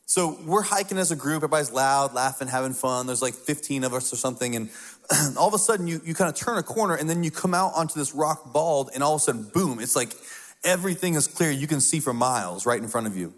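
A man preaching a sermon as pastor, talking in a conversational, storytelling way with hushed asides. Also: mid-range voice, animated, fast talker. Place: church sanctuary. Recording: long reverb of a large hall.

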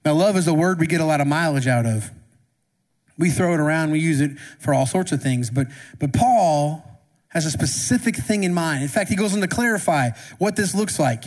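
A man's voice: high-pitched, expressive, a little fast. A man preaching a sermon as pastor, talking conversationally and asking the congregation questions. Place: church sanctuary. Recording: long reverb of a church hall.

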